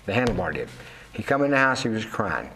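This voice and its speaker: A man's voice: on the low side, big pitch swings, quick pace, pushed and bright. Older man telling rambling stories. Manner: rambling, with many fillers and restarts; acts out quoted voices in his stories. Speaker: guest, Navy veteran and charter fishing captain. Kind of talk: candid storytelling interview.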